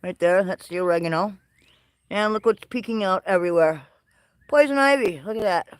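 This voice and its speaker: Chatty high-voiced man touring his garden. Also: brisk, clear, resonant tone, dry recording. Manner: excitable, chatty and rambling. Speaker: livestream host. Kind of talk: casual walking garden tour. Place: greenhouse and garden, partly outdoors.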